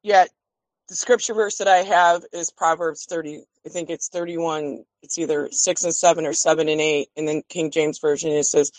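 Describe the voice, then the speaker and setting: Woman caller, heartfelt, halting, dry sound. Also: low-pitched, fairly even intonation, a little mellow, dry recording, poor audio. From Chicago area. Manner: heartfelt, searching for words.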